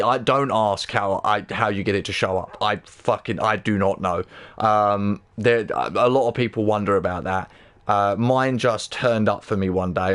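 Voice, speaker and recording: Chatting casually on a gaming livestream, an excitable man from Britain speaks with a fairly low pitch. Swearing is constant, and he often stammers or restarts what he's saying.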